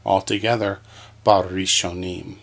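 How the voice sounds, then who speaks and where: A man teaches from a workbook, reading each exercise aloud and patiently sounding out every syllable before blending it into a whole word. His voice sits low and carries a gravelly rasp, and he takes his time. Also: flat delivery, measured pace, a bit bright. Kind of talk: slow textbook reading lesson.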